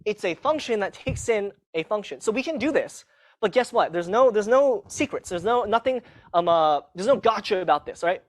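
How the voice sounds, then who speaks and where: A man's voice: high voice, expressive, normal speed. A man teaching a live university class in a casual, self-mocking way, often checking in with the students. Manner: casual, self-mocking, tags sentences with "okay?". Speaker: university lecturer. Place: lecture hall.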